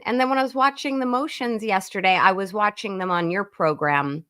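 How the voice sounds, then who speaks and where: A woman lawyer joins a casual livestream chat as a guest by video call. Her medium-pitched voice is clean and fairly bright, running a little fast, and she chats freely, thinking aloud and often restarting her sentences.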